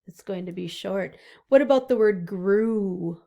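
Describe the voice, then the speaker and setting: A woman teacher giving a slow, sing-song phonics lesson to young children over distance learning, drawing out each word. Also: on the high side, mellow.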